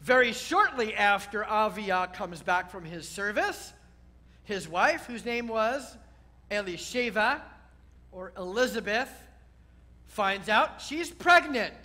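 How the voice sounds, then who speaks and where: High, bright-voiced rabbi teaching. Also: male voice, lively intonation, takes it slowly. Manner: teacherly, often checks in with listeners. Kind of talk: sermon teaching.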